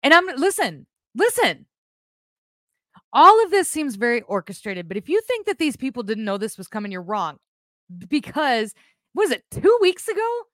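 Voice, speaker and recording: A woman hosting a live podcast stream, chatting casually in a blunt, animated way, with rambling asides and swearing. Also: fairly high pitch, normal speed, no room sound, clean studio sound. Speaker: podcast host.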